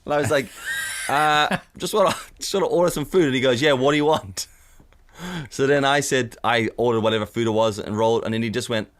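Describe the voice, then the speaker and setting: A man's voice: mid-range voice, fairly quick, fairly bright tone. A man co-hosting a casual podcast, telling anecdotes animatedly, acting out quotes and swearing freely. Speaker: podcast co-host. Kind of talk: casual chat, storytelling.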